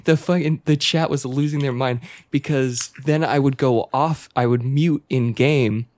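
A man with a Spanish accent telling a story in casual chat, animated and swearing freely, often breaking into laughter. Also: mid-range voice, unhurried, no echo.

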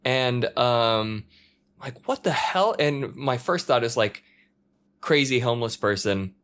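A man in easy conversation, spinning an anecdote with animated energy. He throws himself into the quoted voices, jumping up into shouts and dropping back to a mutter. His pitch sits in an ordinary middle range. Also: takes it slowly. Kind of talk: casual chat. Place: apartment in a multi-story building.

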